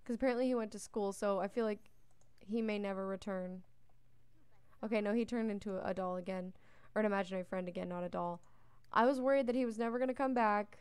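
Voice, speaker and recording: A woman's voice: medium pitch, fast talker, a little mellow, clean tone, dry recording. A young woman giving casual, chatty gameplay commentary as a let's play host, talking to the characters on screen and yawning often. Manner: chatty, talks to the game characters. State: yawning a lot.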